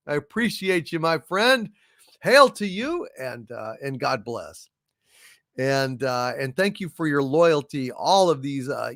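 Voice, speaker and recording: A man's voice: a little high, a bit bright, dry recording, studio quality. A man hosting a live stream, thanking viewers and reading out their donation messages in a grandiose, rambling way with many repeated words. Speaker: channel host.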